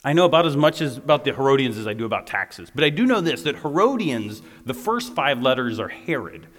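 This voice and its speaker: A man preaching a lively, conversational sermon as a youth pastor, often turning aside to talk to the listeners. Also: medium pitch, brisk, in a large hall.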